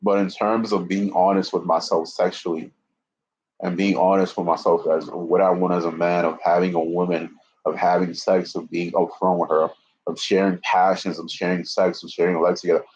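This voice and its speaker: In a flat, low-pitched, darkish voice at moderate pace, a twenty-something streamer rambles with plenty of profanity, repeating himself, restarting often and slightly out of breath. He's in an indoor room with a fan, heard through muffled lo-fi stream audio.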